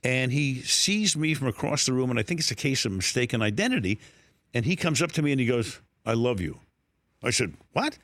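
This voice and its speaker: Older man telling lively sports stories. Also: brisk, dry recording. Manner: animated anecdotes, laughs, voices his quotes higher. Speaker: sports broadcaster, guest. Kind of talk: storytelling interview.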